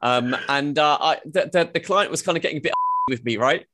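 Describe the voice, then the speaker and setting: A man's voice: on the high side, a little fast, background noise. A man hosting a comedy podcast, asking questions hesitantly with many restarts. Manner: hesitant, full of restarts and "kind of". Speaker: podcast host. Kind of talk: casual podcast interview.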